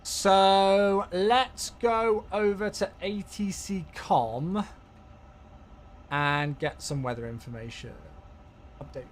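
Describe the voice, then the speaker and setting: A man streaming a flight sim live, chatty and thinking aloud as he thanks viewers warmly. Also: sits high, slow pace, a little hiss or hum.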